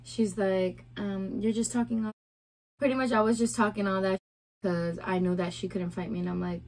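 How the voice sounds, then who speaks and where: A woman's voice: mid-range voice, fairly even intonation, normal speed, a little mellow. A young pregnant woman vlogging a casual story time, chatty and full of "like" and quoted dialogue. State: heavily pregnant.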